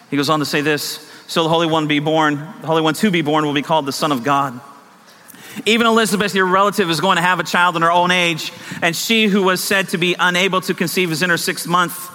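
A middle-aged man preaches in a big church sanctuary, his voice high and bright. He hammers on repeated phrases, rising and falling in force. Long reverb from the hall hangs around his words. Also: fairly even intonation, fast. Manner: emphatic, repetitive preaching that swells and drops. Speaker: pastor. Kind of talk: sermon.

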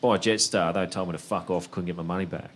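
Sweary deadpan Australian man. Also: low voice, quick pace. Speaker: podcast co-host. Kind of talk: casual comedy banter, reading listener messages. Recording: live show with music and crowd behind.

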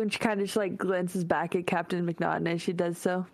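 A woman's voice: mid-range voice, level tone, fairly quick, hardly any pauses, no echo. A woman playing in a tabletop game, earnest and talking casually. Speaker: player.

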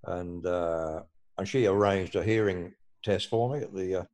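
Older Australian man, lowish voice, rambling casual storyteller who swears a lot. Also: moderate pace, darkish tone. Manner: rambling, swears freely, hesitant fillers. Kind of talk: casual chat.

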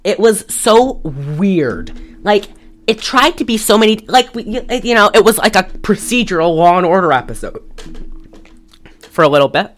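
A woman's voice: mid-range voice, animated, normal speed. A woman co-hosting a casual podcast, telling a profane, rambling story. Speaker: podcast co-host. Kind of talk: casual chat.

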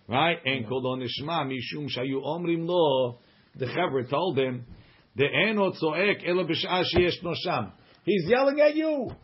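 A man's voice: on the high side, husky, highs cut off. A man teaching a Gemara class, reading the text aloud and translating it with joking asides. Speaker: Talmud teacher.

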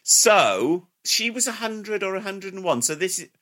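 Male podcast co-host, bright and tense, lively exclaiming chatter. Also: high-pitched, measured pace. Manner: chatty, exclaims and asks tag questions. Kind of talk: casual film podcast chat.

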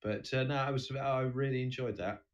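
A man's voice: mid-range voice, fairly even intonation, normal speed, dull audio. A man with a British accent co-hosting a podcast in casual chat, playful and mock-serious. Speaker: podcast co-host.

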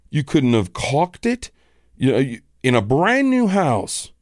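Give me an irritated man ranting on his podcast, very animated pitch, dry sound. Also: dry recording. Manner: irritated, swears, lively. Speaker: podcast host. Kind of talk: casual ranting monologue.

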